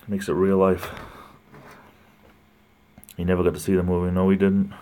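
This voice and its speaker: A man's voice: low voice, flat delivery, a little fast, pauses often, warm tone. A man hosting a casual livestream, rambling, laughing often and greeting viewers by name as he reads their comments. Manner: laughs often between remarks. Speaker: livestream host. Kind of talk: casual live chat reading viewer comments.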